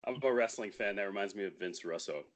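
Young male podcast guest, very low voice, easygoing storyteller who laughs a lot and curses casually. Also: fast talker, crowd noise. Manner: laid-back, swearing, laughs often. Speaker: band member guest.

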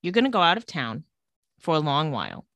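A woman's voice: deep voice, big pitch swings, a little fast, fairly bright tone, dry recording. Dry-voiced woman recapping a show. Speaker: podcast co-host recapping a TV episode. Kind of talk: casual chat.

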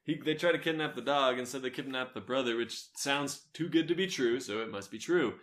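A man co-hosting a podcast in casual chat, chatty and animated, laughing often. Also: medium pitch, brisk. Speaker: podcast co-host.

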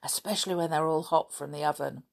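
A woman's voice: sits low, steady tone, fast, gravelly. Woman reading as Anne, earnest little girl. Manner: indignant, eager.

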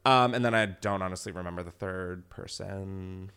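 A man's voice: deep voice, normal speed, smooth. A man hosting a podcast, telling stories in casual chat, swearing freely and laughing often. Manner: profane, laughing, animated storyteller. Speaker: podcast host.

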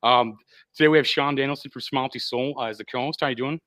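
A man's voice: mid-range voice, fairly even intonation, fast talker, a bit bright, dry recording. A man hosting a live talk show, joking and rambling with many fillers. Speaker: podcast host. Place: restaurant.

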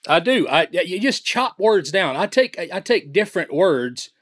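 A man from Tennessee, a champion auctioneer who breaks into a rapid, rhythmic chant and explains it in a friendly way. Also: high voice, very animated, fairly bright tone. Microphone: phone line.

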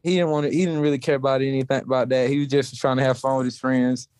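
A man's voice: mid-range voice, flat delivery, fast talker, darkish tone, clean tone, no echo. A young man from South Georgia, a college wrestler talking in a laid-back, casual way as an interview guest. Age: young adult. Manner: laid-back, heavy use of "like".

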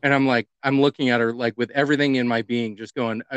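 A man of ordinary pitch tells a story in casual podcast chat. He brings the people in it to life as he goes. His voice is close and dry with little room sound. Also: fast talker, smooth, no room sound, muffled recording. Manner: animated, acts out the people in his stories. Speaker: podcast co-host.

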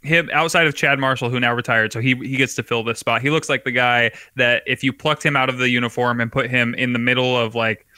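A man co-hosting a podcast in relaxed casual chat, rambling with lots of fillers and frequent laughter. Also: mid-range voice, fairly quick, hardly any pauses, smooth, no room sound. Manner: laid-back, rambling, laughs often, filler-heavy. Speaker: podcast co-host.

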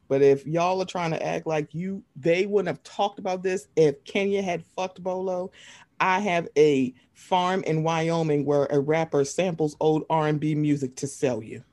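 A woman co-hosting a podcast in casual, profane chat about reality TV, acting out what she would say to the cast. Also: on the low side. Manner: animated, profane, acts out voices in quotes. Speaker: podcast co-host.

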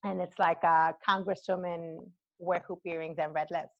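Podcast guest: young New woman, animated storyteller, dry lo-fi recording. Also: normal speed, hardly any pauses, dry recording. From the Bronx, New York. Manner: animated, acts out her own past reactions with bursts of pitch. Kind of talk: casual interview chat. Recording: dull lo-fi dry sound.

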